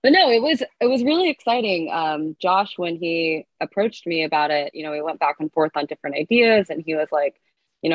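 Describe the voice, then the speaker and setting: A woman from California, a fitness coach guest on a podcast, talking in a lively, upbeat way as she thinks her ideas through aloud. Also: low-pitched, normal speed, no room sound, highs cut off. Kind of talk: casual podcast interview.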